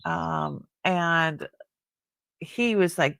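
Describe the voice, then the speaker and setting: A woman's voice: fairly low pitch, slow pace, gravelly, a bit bright, no room sound. A middle-aged woman hosting a live jewelry sale, chatting casually and admiring each piece as she rambles. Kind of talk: casual live-stream selling chat.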